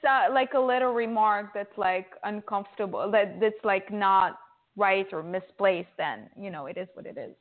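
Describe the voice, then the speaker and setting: Female interview guest, mid pitch, chatty, phone-line quality. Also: moderate pace. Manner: chatty, lots of "like" and "you know". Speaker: guest actress. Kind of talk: casual interview chat.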